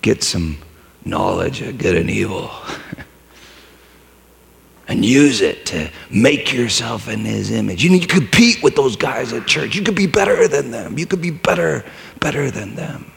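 Figure: sly male devil tempter, voiced by a preacher. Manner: hushed, coaxing, low. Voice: gravelly. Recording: long hall reverb. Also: lively intonation, measured pace.

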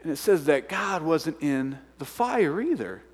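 A man preaching a sermon to a congregation. He acts out voices and swings from excited shouts down to hushed whispers. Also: on the high side, a little slow, breathy edge, long reverb tail. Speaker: pastor. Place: large church hall.

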